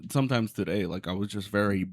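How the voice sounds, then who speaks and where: A man's voice: lowish voice, fast talker, dry recording, studio quality. A man co-hosting a podcast, joking and swearing in casual chat. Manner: joking, swears, lively delivery. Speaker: podcast co-host.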